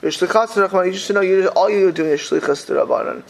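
High, gravelly man talking animatedly. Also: quick pace, rough recording. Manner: animated, rambling, heavy with fillers and restarts. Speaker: speaker. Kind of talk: casual talk on religious community life.

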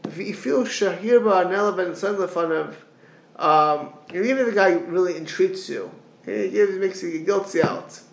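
A man teaching an animated religious lesson, acting out reluctant people in quick asides. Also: sits high, gravelly, reverberant, a little hiss or hum. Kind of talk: animated lecture.

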